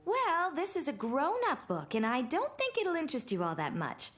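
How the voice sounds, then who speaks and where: A voice actress playing a young mother, patient and gently firm with her child. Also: sits high, huge pitch swings, moderate pace, over music. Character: warm, calm young mother. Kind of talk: cartoon voice acting.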